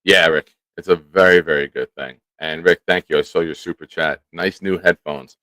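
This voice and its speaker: Deep-voiced male host of a live stream, lively and chatty, dry studio mic. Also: moderate pace, no room sound. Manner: animated, talks to chat by name. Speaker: show host. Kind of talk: casual live-stream chat. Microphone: studio microphone.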